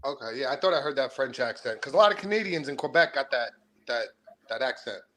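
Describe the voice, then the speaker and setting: A man calling in to a boxing stream, breaking down fighters in relaxed slang. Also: mid-range voice, fast, a little hiss or hum. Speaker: caller. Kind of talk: casual call-in chat.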